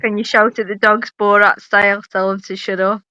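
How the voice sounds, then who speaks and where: A woman's voice: medium pitch, level tone, fairly quick, sharp tone, smooth, dry recording. A woman hosting a livestream, teasing her guest and giggling in casual banter. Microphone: video call. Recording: dull lo-fi video call.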